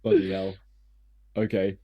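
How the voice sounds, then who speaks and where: A low-pitched man speaks in character during a tabletop game. His voice is soft and mellow, and his delivery is polite and hesitant with dry understatement. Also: level tone, measured pace. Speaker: player. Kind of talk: in-character role-play.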